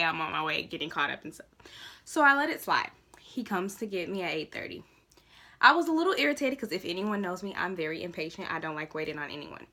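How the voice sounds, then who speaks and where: A woman in her twenties telling a casual storytime vlog, animated and exasperated, full of slang. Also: mid-range voice. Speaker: vlogger.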